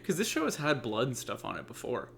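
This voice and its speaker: With a creaky, somewhat bright medium-pitched voice that swings wildly in pitch, this man talks fast as he co-hosts a loose anime chat podcast. He curses here and there and fills his speech with "like" and "you know," against slight background noise.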